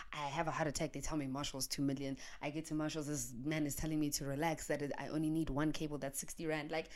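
Young South African woman, deep-pitched, animated casual storyteller, drops in Zulu slang, solo podcast from her bed. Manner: animated, laughs often, mixes in Zulu slang. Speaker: podcaster and YouTuber. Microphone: handheld microphone.

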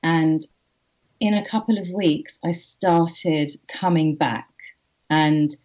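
A woman guest on an interview, candidly telling a personal story in an earnest, halting way with frequent restarts. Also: low-pitched, a little mellow. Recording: slightly muffled audio.

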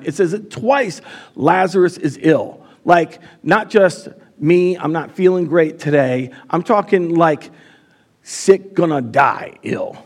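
A man preaching a live sermon as pastor in a church, casual and chatty, with many fillers. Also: on the high side.

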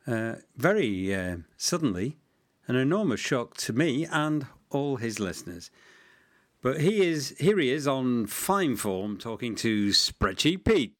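A man introducing an archive clip in a slow, halting way, often stopping on fillers. His voice sits at an ordinary middle pitch, and he takes his time with each phrase. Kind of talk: spoken introduction.

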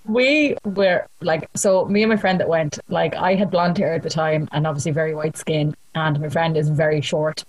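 A young Irish woman in casual chat, telling an animated story, acting out the quotes and laughing often. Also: sits low, moderate pace, few pauses, rough recording. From Ireland.

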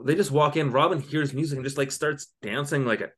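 A man's voice: on the high side, brisk, fairly bright tone, slightly rough. Rambling man recapping a show. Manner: rambling, filler-heavy retelling. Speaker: podcast co-host. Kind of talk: casual chat recapping a TV episode.

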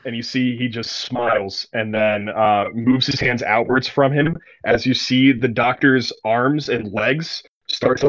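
A young man running a tabletop game, narrating scenes in a loose, filler-heavy, vivid way. His pitch is middling, and the recording is a bit dull and lo-fi. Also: normal speed, hardly any pauses, fairly bright tone. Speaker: game master.

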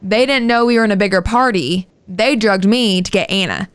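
A woman's voice: mid-range voice, fairly quick, clear, resonant tone. A woman co-hosting a podcast, telling a story in casual chat with lots of swearing. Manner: animated, profane storytelling. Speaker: podcast co-host.

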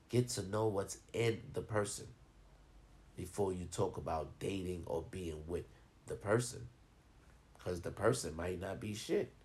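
Male vlogger, low gravelly voice, profane and animated storytelling. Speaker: vlogger giving advice. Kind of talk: casual storytelling monologue.

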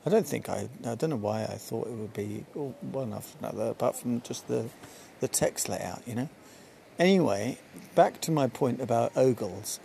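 A man's voice: medium pitch, expressive, moderate pace, vocal fry, warm tone, slight background noise. A man hosting a solo podcast outdoors on a balcony, chatting casually and wandering off on tangents. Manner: rambling, jumps between tangents. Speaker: podcast host.

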